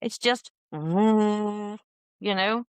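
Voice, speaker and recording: A woman's voice: medium pitch, drawn-out words, smooth, no echo. A woman, a singer guesting on a podcast, telling stories in casual talk and acting out her own reactions. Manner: lively, animated storytelling with acted-out exclamations. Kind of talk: casual conversation.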